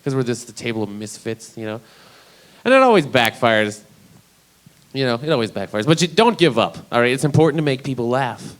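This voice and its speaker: A young man from Idaho doing a live stand-up comedy set, telling stories in a casual, profane, deadpan way. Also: medium pitch, brisk. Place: small comedy venue, live.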